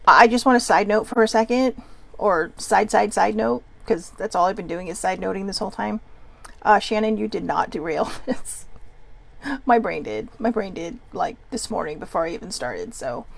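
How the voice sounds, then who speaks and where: A woman's voice: mid-range voice, vocal fry. A woman hosting a casual chat show, reading gratitude cards and rambling into giggly side notes. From Filipino and Hawaiian heritage. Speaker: host.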